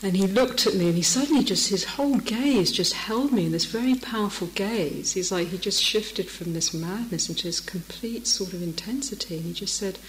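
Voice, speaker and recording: A woman's voice: mid-range voice, moderate pace, hardly any pauses, a little hiss or hum. A middle-aged woman, giving a dharma talk as a meditation teacher, telling stories and laughing often. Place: meditation hall. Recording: echoey meditation hall.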